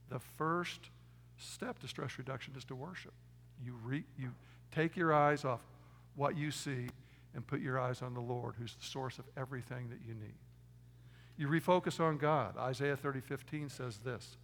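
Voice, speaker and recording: A man preaching a sermon, moving from emphatic loud stresses to quiet low asides. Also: moderate pace, vocal fry, in a large hall. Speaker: pastor.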